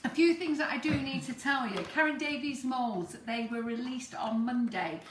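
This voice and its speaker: A woman's voice: high voice, moderate pace, noisy background. A woman hosting a live cake-decorating demo, chatty and teasing. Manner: chatty, teasing, laughs often. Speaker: shop host. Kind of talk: live-stream demo chat. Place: shop demo kitchen. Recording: echoey kitchen from far off.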